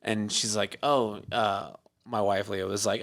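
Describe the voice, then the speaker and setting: A man with a fairly low voice tells a long, rambling story as a podcast guest. He fills it with "uh" and "like", laughs often, and acts out what other people said to him. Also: little pitch movement, measured pace, vocal fry, fairly bright tone. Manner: acts out quoted lines in his story. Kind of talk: casual storytelling chat.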